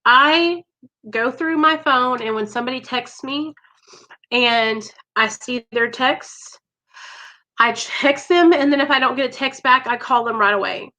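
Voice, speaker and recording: A woman's voice: high-pitched, unhurried, pushed and bright. A woman hosting a live stream, talking earnestly and emotionally to her viewers over a video call. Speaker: live show host in recovery.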